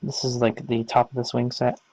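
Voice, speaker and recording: Gravelly-voiced man casually teaching. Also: mid-range voice, monotone, moderate pace, a little mellow, no room sound, rough recording. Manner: casual, rambling explanations with many fillers. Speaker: language teacher. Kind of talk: casual instructional talk.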